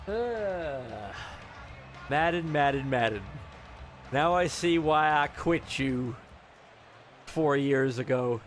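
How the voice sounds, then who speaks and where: Excitable man yelling at a video game. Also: on the high side, slow, pauses often, a little hiss or hum. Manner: excitable, yells and swears at the game. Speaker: gamer streamer. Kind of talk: live gameplay commentary.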